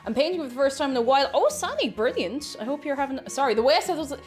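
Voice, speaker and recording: A woman's voice: high voice, rapid-fire, darkish tone, soft background music. A woman chatting casually and playfully while baking on a live stream, rambling and chuckling as she goes.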